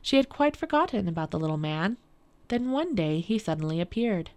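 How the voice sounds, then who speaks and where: A woman from a public library reading a fairy tale aloud for radio in a calm, measured way. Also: mid-range voice. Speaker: library storyteller. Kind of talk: storybook read-aloud for radio.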